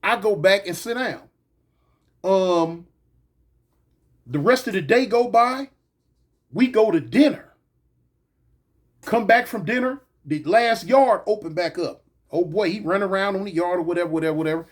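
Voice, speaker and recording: A man casually telling a story in slang, punctuating it with "bang" and "boom". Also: moderate pace, pauses often. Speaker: storyteller recounting prison life.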